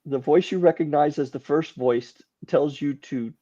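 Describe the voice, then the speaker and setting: A man narrating a tabletop game as game master, calm and dry-humored, on a dull lo-fi recording. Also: on the high side, normal speed, dry recording.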